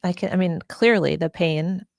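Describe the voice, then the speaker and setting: A woman's voice: lowish voice, normal speed, vocal fry, dry recording, clean studio sound. A woman hosting an interview, asking probing questions in a conversational way. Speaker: host.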